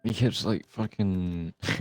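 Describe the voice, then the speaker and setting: A man's voice: low-pitched, steady tone, measured pace, a little mellow, dry recording, soft background music. A young man chatting casually while gaming, telling a long rambling story full of swearing. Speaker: gamer recording with a friend.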